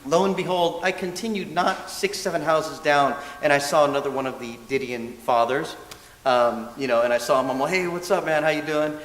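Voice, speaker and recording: A man serving as a minister's assistant gives a dharma talk, telling a story in a lively, self-mocking way and acting out what people said. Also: medium pitch, moderate pace. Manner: lively, self-mocking storyteller who often laughs and acts out quotes. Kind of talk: storytelling sermon. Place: church hall. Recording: echoey hall with faint hiss.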